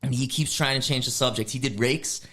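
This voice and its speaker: A man's voice: mid-range voice, fairly quick. Male podcast co-host, casual storyteller who does the voices in his retellings. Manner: animated storytelling, acts out quoted chatbot lines. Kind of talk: casual chat.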